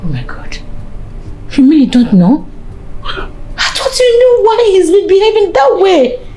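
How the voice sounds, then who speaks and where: An anxious Nigerian wife pleading about her husband. Her voice is high and lively, and she speaks slowly. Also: slight background noise, heavily acted. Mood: worried.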